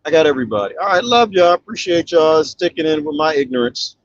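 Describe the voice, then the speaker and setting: A man's voice: a little high, quick pace, dull audio, a little hiss or hum. A middle-aged man casually chatting while reading viewer comments, laughing often and acting out quotes. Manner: animated, laughs often, mimics voices in quotes. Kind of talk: casual live comment chat.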